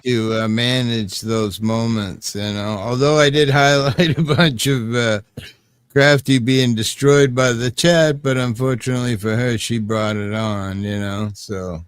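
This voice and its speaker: A man's voice: medium pitch, fairly even intonation, a little slow, clear, resonant tone, no echo, studio quality. A man in his fifties hosting a casual livestream chat, joking and trailing off into fillers. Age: 50s. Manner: laid-back, joking, trails off often. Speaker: livestream host.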